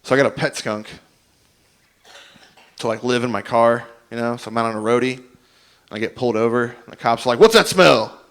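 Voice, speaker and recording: A man's voice: medium pitch, flat delivery, fairly quick, pauses often, smooth. A young man doing a stand-up comedy set, rambling and self-deprecating as he tells stories and acts out both sides of each conversation.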